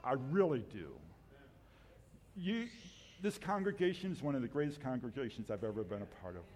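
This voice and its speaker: Male guest preacher, fairly high-pitched, self-deprecating, halting; long church-hall reverb. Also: a little hiss or hum. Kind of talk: sermon. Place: church sanctuary.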